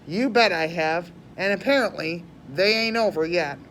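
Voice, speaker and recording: A woman's voice: lowish voice, normal speed, a bit bright, a little hiss or hum, close to an everyday voice, rough recording. A woman doing a weary, despairing toy rabbit. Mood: gloomy. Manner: glum, bitter and resigned.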